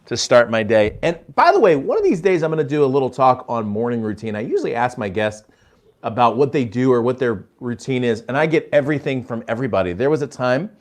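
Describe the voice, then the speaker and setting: A man's voice: mid-range voice, very animated, fast talker. A man hosting a live online talk show, chatty and friendly, calling his guest "man" and "dude.". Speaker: podcast host.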